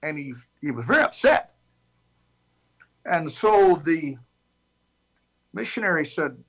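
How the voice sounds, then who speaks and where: A man preaching, retelling a story in an animated, conversational way with shifting pace. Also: fairly high pitch, slow, long pauses, low-quality recording. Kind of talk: sermon illustration.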